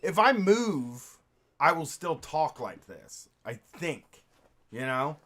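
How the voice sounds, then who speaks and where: A man hosts a call-in radio show, his voice bright and a little high. His pitch swings widely as he talks. He is brash and swears freely. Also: very animated, takes it slowly. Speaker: radio host. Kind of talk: casual chat.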